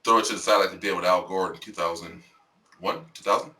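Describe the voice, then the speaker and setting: A man's voice: sits low, fairly even intonation, fast talker, bright, forceful tone, recorded from a distance. A man hosting a podcast in casual chat, rambling with plenty of fillers and frequent laughter. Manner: rambling, laughs often, lots of "like". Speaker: podcast host. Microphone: remote call with delay.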